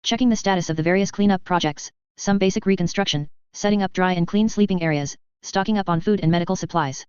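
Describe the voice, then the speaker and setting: Clear, low-pitched woman narrating an audiobook. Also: fast talker, hardly any pauses, a little mellow, no room sound. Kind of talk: first-person audiobook narration. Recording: slightly dull recording.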